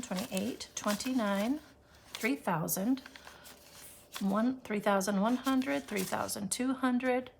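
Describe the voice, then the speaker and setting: For a casual cash-stuffing video, a budgeting vlogger counts bills aloud in a mid-range voice that slips into gravelly fry. She murmurs the numbers softly and makes self-deprecating comments over a faint background hiss.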